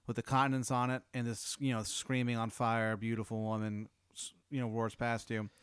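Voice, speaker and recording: A man improvising an absurd comedic scenario, rambling and halting with lots of restarts. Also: mid-range voice, flat delivery, smooth, dry recording, studio quality. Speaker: host telling a hypothetical.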